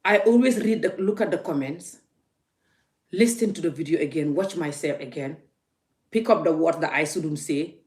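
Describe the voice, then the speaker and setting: A woman's voice: low-pitched, normal speed, darkish tone. A woman vlogging into her phone, emphatic and laughing, often repeating her words. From Gambia. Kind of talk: casual ranting vlog.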